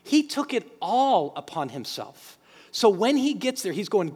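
Male pastor, lively high voice, emphatic sermon delivery, church hall reverb. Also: unhurried, husky. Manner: animated, emphatic preaching with acted quotes. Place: church sanctuary.

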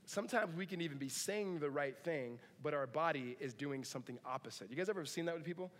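A man with a notably high voice preaches a sermon in a church, talking in a loose, conversational way with jokes and asides. His voice carries a long reverb from the hall around him. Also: animated, fast. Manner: conversational and joking, with asides and laughs. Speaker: pastor. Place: church sanctuary.

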